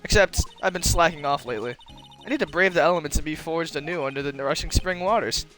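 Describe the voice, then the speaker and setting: A man voicing an excitable teenage girl spirit medium, reading game lines in a chirpy, eager way. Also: a little high, quick pace, over music, natural voice. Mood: cheerful. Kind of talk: video game voice-over reading.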